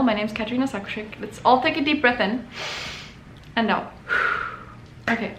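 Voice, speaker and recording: Over music, a young adult woman with a fairly high voice speaks at a moderate pace. As the artist behind her own channel, she shares a personal anecdote chattily, with many fillers and restarts. The room is echoey and there's faint noise in the background.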